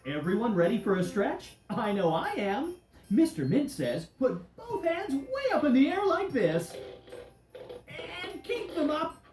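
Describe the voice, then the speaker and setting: A woman's voice: high voice, big pitch swings, measured pace, a little mellow. Mr. Mint, bouncy friendly game leader, voiced by a woman. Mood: cheerful. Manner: bouncy, playful, coaxing children. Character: cheerful friendly male candy game leader. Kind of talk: children's DVD game hosting. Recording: roomy echo with music behind.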